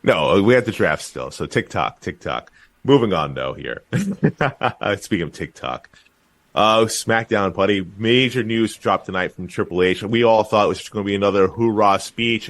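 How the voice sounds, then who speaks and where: A man co-hosting a wrestling podcast, talking in a loose, animated way with lots of fillers and restarts. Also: fairly low pitch, normal speed. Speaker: podcast co-host. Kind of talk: casual wrestling podcast chat.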